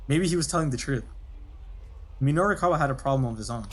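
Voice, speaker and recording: A husky, slightly breathy man reading game text aloud on stream. He keeps it casual, trips over words and stops to correct himself, then carries on. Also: medium pitch, animated, quick pace, long pauses. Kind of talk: reading a visual novel aloud.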